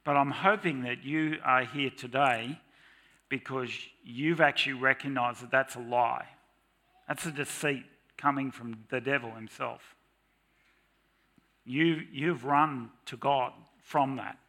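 A middle-aged man preaching a sermon in church, lively and dramatic, at times mock-shouting to make his points. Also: medium pitch, slow.

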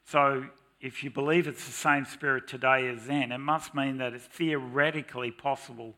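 At a normal speed and medium pitch, a middle-aged man preaches a sermon in church. He is animated and dramatic, sometimes mock-shouting for emphasis.

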